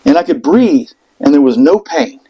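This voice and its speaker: Man, middle-aged, podcast guest, casual storytelling, animated, swears a lot, slightly high voice. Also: normal speed, slightly rough, rough recording. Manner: animated, acts out quotes, swears freely.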